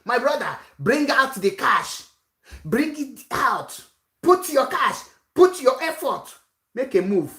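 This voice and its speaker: A woman's voice: high voice, sing-song, unhurried, fairly bright tone, echoey room. A woman giving a rousing political speech, full of rhetorical questions and repetition. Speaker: activist speaker.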